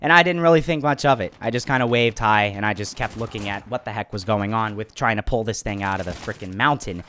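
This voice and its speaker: A man narrating a storytime vlog in an excitable, animated way, making fun of himself. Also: lowish voice, fast talker, a little hiss or hum. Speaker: YouTuber.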